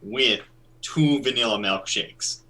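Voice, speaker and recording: A man playing a tabletop game in character, loud and excitable, his voice rising when he gets worked up. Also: medium pitch, slow pace, low-quality recording. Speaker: tabletop player.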